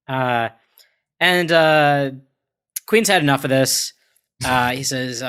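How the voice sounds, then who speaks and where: A man's voice: mid-range voice, a little slow, sharp tone, clean tone. A man co-hosting a podcast, recapping a comic in a wry, filler-heavy way. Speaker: podcast co-host.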